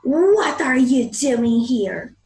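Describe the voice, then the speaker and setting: A woman voicing a big, angry, selfish male giant, shouting slowly and very loudly. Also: very high-pitched, sing-song, pitched above the performer's own voice, heavily acted. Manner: slow shouting, very loud. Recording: echoey room.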